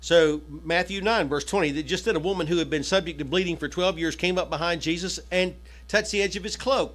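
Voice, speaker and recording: High, bright-voiced preacher man. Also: fairly quick. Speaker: pastor. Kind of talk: sermon. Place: church hall.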